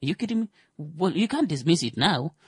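A man voicing a greedy, scheming male lawyer who talks quietly and confidingly to a judge. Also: normal speed, husky, no echo, clean studio sound, lightly acted. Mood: smug wheedling. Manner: smug wheedling aside, low and confiding.

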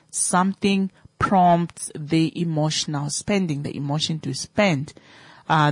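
Woman, radio host, low voice, chatty, dry close sound. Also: no room sound. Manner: chatty, many fillers, asks listeners questions. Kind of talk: casual radio talk.

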